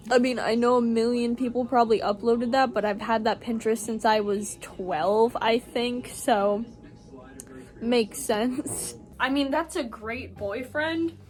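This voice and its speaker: A young woman vlogger giving rambling, giggly reactions while snacking. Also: on the high side. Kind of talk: casual reaction commentary.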